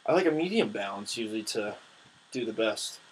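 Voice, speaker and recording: A young man giving casual, excitable commentary on his own gameplay, trash-talking his opponents. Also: on the low side, brisk, slight background noise, rough recording.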